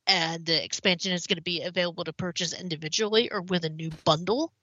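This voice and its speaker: A woman co-hosting a gaming podcast, reading news in casual chat, a little hoarse, with lots of ums. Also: lowish voice, fast talker, bright, forceful tone, no echo. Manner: chatty, many ums, slightly hoarse. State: slightly hoarse. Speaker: podcast co-host. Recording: slightly dull, dry.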